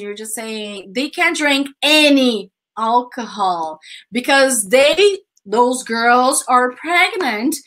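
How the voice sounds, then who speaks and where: A woman's voice: on the high side, bright, forceful tone. A woman whose first language is Portuguese, teaching a live online English grammar lesson in a chatty, repetitive way and often calling her students "guys.".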